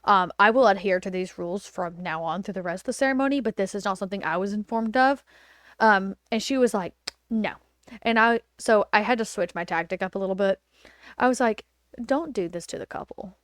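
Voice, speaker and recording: A woman podcast host and wedding photographer telling a story in a chatty, animated way, with lots of fillers and acted-out quotes. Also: medium pitch, fairly quick, no echo, clean studio sound. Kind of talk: casual storytelling chat. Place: home.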